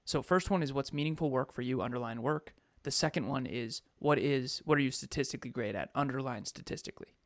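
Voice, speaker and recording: A man in casual podcast chat, speaking with a gravelly, fry-tinged voice at a middling pitch. He talks with animated emphasis and laughs often. The sound is dry and close, with no room around it. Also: quick pace, hardly any pauses, no room sound. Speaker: podcast co-host and coach.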